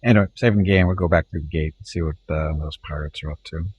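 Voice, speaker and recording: A man with a Canadian accent giving relaxed, rambling commentary while streaming a game live and talking to his chat. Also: very deep voice, fast. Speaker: gaming streamer. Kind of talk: casual live gameplay commentary.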